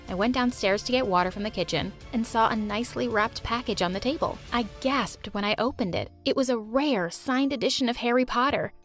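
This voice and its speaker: A woman narrating a first-person animated drama in an expressive, dramatic storytelling manner. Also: fairly high pitch.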